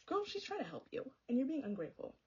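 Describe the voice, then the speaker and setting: Brief: young woman book vlogger, husky, rapid-fire, sassy and exasperated, slightly dull lo-fi sound. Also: sits high, wildly swooping pitch, dark tone. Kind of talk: casual chatty book review.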